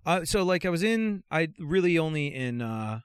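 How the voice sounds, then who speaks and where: A middle-aged man with a slight Anglo-American accent, telling stories in a lively, jokey way in a casual chat. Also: fairly high pitch, normal speed, clean tone, dry recording, studio quality. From America, raised mostly in England. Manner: animated storyteller, jokey. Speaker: radio host guest.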